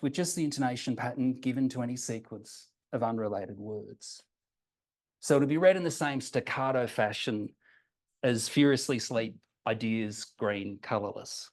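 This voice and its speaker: A man presenting a prepared academic seminar paper, reading it in a measured way and slowing down deliberately for quoted examples. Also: a little high. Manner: measured, reads quotations slowly and deliberately.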